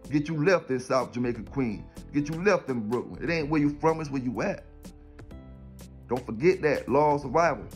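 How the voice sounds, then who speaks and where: A man's voice: mid-range voice, normal speed, soft background music. A man from South Carolina, rambling and preaching in streetwise slang in a casual vlog. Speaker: dog kennel owner.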